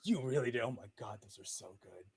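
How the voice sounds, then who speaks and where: A man's voice: medium pitch, expressive, fast talker, vocal fry, a little mellow, breathy edge, full character voice. A man voicing a jubilant, friendly young male adventurer with an eager, bubbly manner.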